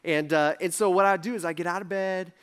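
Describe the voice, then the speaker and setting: A man in his thirties gives a casual, story-driven sermon in a church. His voice sits high for a man, and he talks loosely, full of fillers and quick asides. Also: clean tone. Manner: animated storytelling, lots of fillers. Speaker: pastor. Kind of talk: conversational sermon. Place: church sanctuary.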